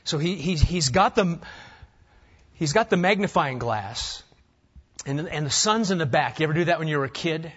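A man's voice: on the high side, expressive, normal speed, fairly bright tone, slightly rough, muffled recording. An older man from Nebraska preaching a sermon, firing off rhetorical questions with dry humor. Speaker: pastor.

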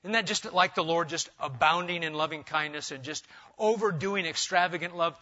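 A man preaching a sermon, his voice bright and forceful and a little higher than most. He moves between loud urging and hushed, intense lines. The recording sounds dull and lo-fi. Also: normal speed. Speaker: pastor. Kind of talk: expository sermon.

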